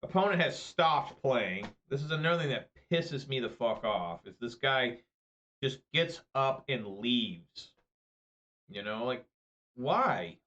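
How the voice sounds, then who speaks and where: A man's voice: mid-range voice, lively intonation, takes it slowly, a bit bright, highs cut off. A man playing an online card game, commenting on his play in a profane, exasperated rant. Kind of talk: live gameplay commentary.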